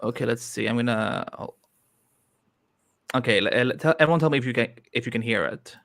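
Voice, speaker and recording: A man's voice: medium pitch, a little fast, gravelly, fairly bright tone, no room sound. A man co-hosting a casual online show, talking in a hesitant, fumbling, self-deprecating way. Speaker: co-host. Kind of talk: casual chat.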